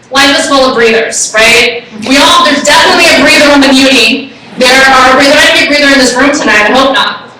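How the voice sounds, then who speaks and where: A high-voiced woman tells a story to a live audience with excitable, animated energy. Her voice is bright and forward. She sits a good way from the mic, and the room rings with heavy echo. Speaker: speaker giving a talk. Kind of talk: live talk with personal story. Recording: echoey room, far from the mic.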